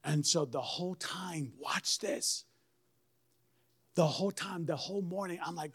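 A middle-aged man, a pastor, telling a story in a sermon with lively swings and bursts of shouted praise. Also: on the high side, unhurried, long pauses, slightly rough. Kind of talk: sermon testimony.

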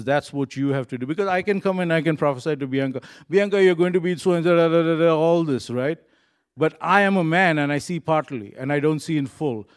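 A man's voice: medium pitch, darkish tone. An earnest male pastor delivers a sermon in a conversational, unpolished way. He restarts sentences and leans on casual fillers while speaking directly to his listeners. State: choked up when recalling a moving moment.

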